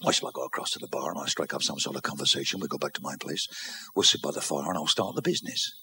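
A man telling bawdy jokes as a stand-up comedian, brash and rapid-fire, laughing through his punchlines. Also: rumbling low, bright, forceful tone. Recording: live club with crowd and noise.

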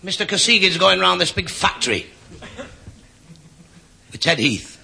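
A man telling a stand-up joke with lively narration. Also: high voice, a little slow, vocal fry, background noise. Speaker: comedian.

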